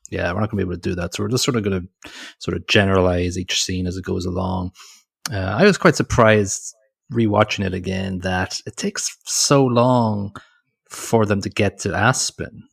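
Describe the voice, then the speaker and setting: A man's voice: sits low, moderate pace, vocal fry, husky. A man co-hosting a casual movie podcast, rambling and hesitant, with many restarts. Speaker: podcast co-host.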